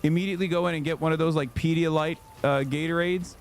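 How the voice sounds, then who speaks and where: A man in his thirties telling a story on his livestream, casual, profane and animated, jumping into high-pitched quoted voices. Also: quick pace, creaky, slight background noise. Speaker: streamer.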